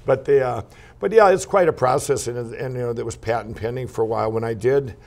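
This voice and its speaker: Gravelly-voiced man telling his story. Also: mid-range voice, a little fast. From Minnesota. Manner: rambling, animated anecdotes with laughs and restarts. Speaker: guest entrepreneur. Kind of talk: casual interview storytelling.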